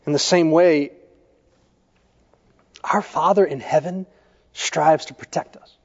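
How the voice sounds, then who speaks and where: A male pastor preaching a sermon, telling stories in a measured way and putting questions to the congregation. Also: fairly high pitch, steady tone. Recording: echoey church hall, dull lo-fi sound.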